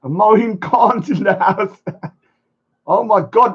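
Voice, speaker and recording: Excitable man on lo-fi live stream. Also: high voice, takes it slowly, slightly rough. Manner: rambling, excitable, shouts at viewers. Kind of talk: casual live stream chat. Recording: dull lo-fi stream audio.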